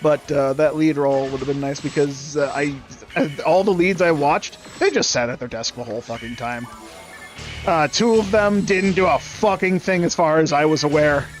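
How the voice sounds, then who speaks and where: A young man streaming a game, ranting casually in a sarcastic, profane, rambling way. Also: on the high side. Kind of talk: casual rant while gaming.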